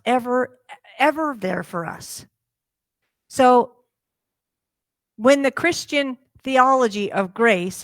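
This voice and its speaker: A woman minister preaching a sermon, telling a parable in a lively way and acting out its characters' lines. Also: on the high side, no echo. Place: church sanctuary.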